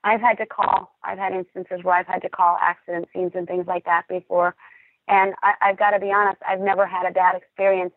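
A calm, earnest woman, a dispatcher, speaks on a podcast in a measured way. Her voice has a gravelly, fry-tinged edge. It comes through a thin, tinny, phone-like line in a dead, dry space. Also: on the low side, no room sound. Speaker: emergency dispatcher and podcast guest. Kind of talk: podcast talk, personal account.

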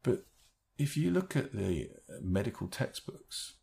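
A man giving an explanatory talk on handling stress, thoughtful, with lively rises in pitch and the odd restarted word. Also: a little slow, vocal fry. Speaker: speaker explaining a stress technique.

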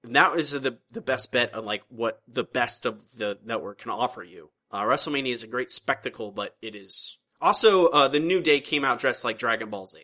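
Podcast co-host, male, bright tone, rambling casual delivery with frequent restarts. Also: mid-range voice, normal speed, hardly any pauses. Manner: rambling, restarts sentences, recaps at length. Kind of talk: casual chat.

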